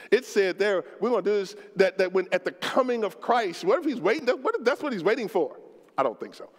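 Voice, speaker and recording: A man preaching a sermon as pastor, impassioned and colloquial, swinging between shouted lines and low, slow ones, and acting out prayers in the first person. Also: big pitch swings. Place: church sanctuary. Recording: long reverb of a church hall.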